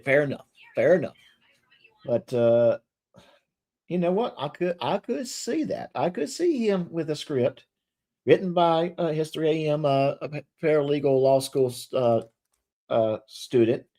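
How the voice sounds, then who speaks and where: A man's voice: mid-range voice, normal speed. A man hosting a casual livestream chat, joking and filling with restarts. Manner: animated, jokey, many fillers and restarts. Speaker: livestream host.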